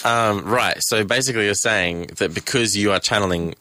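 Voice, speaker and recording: A man's voice: on the low side, normal speed, bright, forceful tone, no echo. A man hosting a radio show, teasing his co-host and laughing often. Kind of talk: casual radio chat.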